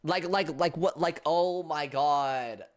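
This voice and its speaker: A man's voice: on the high side, slow, dry recording. Stammering young man streaming a game. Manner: rambling, stammering, self-deprecating. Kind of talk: casual gameplay commentary and voice acting.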